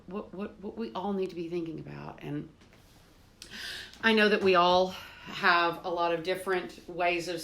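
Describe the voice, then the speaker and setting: A woman's voice: fairly low pitch, creaky, a bit bright. A woman hosting a home livestream, chatting with viewers by name, laughing easily and breaking into hymns. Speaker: host of a home cooking livestream. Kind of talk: casual livestream chat with singing. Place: home with doors open.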